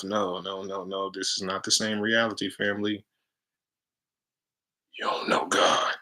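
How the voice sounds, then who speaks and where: A man's voice: low-pitched, level tone, normal speed, pauses often, bright, forceful tone. A man giving a casual, preachy spiritual talk to viewers, full of slang and frequent laughter. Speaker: spiritual chant leader.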